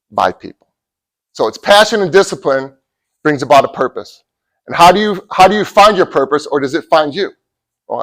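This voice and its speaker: Middle-aged guy giving a pep talk to college athletes, tells stories, gets loud then drops real quiet. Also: a little high, poor audio. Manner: storytelling, swings from loud to hushed. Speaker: motivational speaker.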